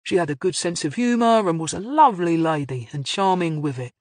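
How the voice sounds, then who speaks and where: A cheery middle-aged man with a lingering trace of a Cockney accent, as an audiobook narrator puts him on, pitched a little higher than the narration. He talks breezily, in a dry, close sound. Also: expressive, brisk, no echo, close to an everyday voice. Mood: defensive. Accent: faint Cockney. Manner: cheery and breezy, calls people love. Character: jovial ex-pat businessman, middle-aged.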